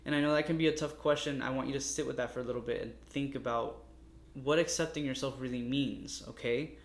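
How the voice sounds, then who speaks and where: A tarot reader with a steady, medium-pitched voice talks fast through a casual, meandering reading. He addresses his viewers directly and warmly as "loves," though he sounds a little exasperated. The room is echoey with faint noise.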